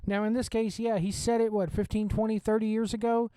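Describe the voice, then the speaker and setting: A man's voice: sits high, little pitch movement, brisk, dark tone, clean tone, no room sound. Blunt, cussing Southern man ranting. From Southern United States. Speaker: wrestling show host. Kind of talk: opinionated watch-along commentary.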